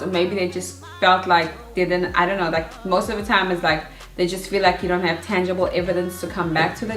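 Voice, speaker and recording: Chatty young woman, echoey. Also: on the low side. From South Africa. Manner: chatty, animated, acts out her own nervous past self. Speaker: vlogger. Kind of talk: casual advice vlog. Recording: echoey room.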